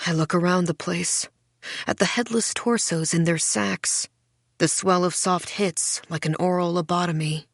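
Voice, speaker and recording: A woman narrating a first-person thriller audiobook in a wry, dark, measured way. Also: fairly low pitch, steady tone, no echo, clean studio sound.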